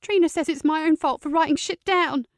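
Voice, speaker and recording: A woman voicing an upset teenage girl, speaking high and quick in an audiobook. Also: no room sound, studio quality. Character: distressed teenage girl, tearful and defiant.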